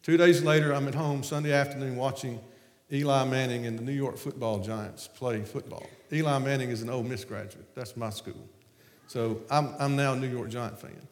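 A man with a Southern American accent telling a story to an audience in an animated, laughing way. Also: mid-range voice, moderate pace. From Southern United States. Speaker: speaker on stage. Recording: echoey hall with long reverb.

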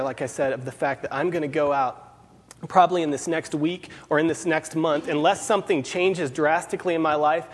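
Male preacher, slightly high, husky voice, earnest sermon delivery in a big echoing hall. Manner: earnest, repeats key phrases for emphasis. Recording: long hall reverb.

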